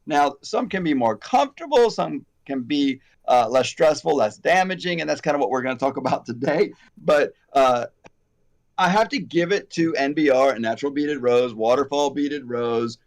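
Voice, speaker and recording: A man's voice: mid-range voice, normal speed. Rambling, chatty male salon educator. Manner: rambling, animated, self-deprecating, frequent fillers. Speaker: hair extension educator, host. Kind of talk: casual conversational chat.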